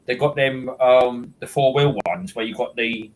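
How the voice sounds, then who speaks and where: A man hosts a loose, casual chat in a mid-pitched voice. He rambles along, restarting sentences and repeating words as his thoughts catch up. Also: moderate pace, darkish tone, low-quality recording. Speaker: host.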